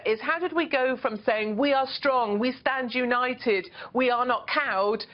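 A woman from Britain speaks as a guest on a news broadcast, emphatic and indignant. Her voice sits fairly high. The sound is a little dull, as over a remote link. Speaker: columnist guest. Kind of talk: remote TV interview.

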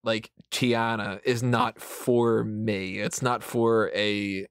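A man's voice: fairly low pitch, level tone, slow pace, smooth, no echo, studio quality. A man in his thirties hosting a casual podcast roundtable, rambling and self-mocking, laughing often as he talks. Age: 30s. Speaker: podcast host.

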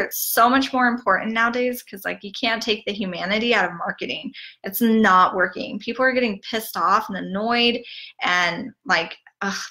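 A woman giving a casual online marketing training, chatty and full of "like" and "um", who mimics gushing sales messages with big jumps in pitch. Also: bright, forceful tone. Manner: chatty, peppered with "like" and "um". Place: streaming from home over the internet.

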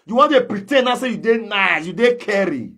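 With a Nigerian Pidgin English accent and a high, pushed, bright voice, a man rants expressively and a little fast. It's heated gossip commentary for social media, and he challenges and calls out his target directly.

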